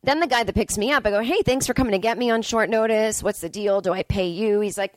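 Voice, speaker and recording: A woman in her forties hosting a podcast, telling comic stories in a profane, ranting, animated way. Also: a little high, fast, few pauses, dry recording. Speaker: podcast host. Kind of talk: comedic storytelling monologue. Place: Brooklyn.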